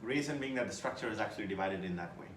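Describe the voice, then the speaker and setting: A man teaching a test-prep class, lecturing with lively emphasis and putting questions to his students. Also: fairly low pitch, rapid-fire, echoey room, slight background noise.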